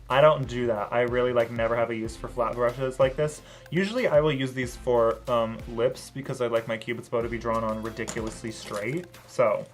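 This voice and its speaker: Beauty vlogger, casual review read: chatty filler-heavy delivery, sassy, profane, prone to loud excited outbursts. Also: mid-range voice. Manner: bursts into loud excited exclamations; sassy, swears freely.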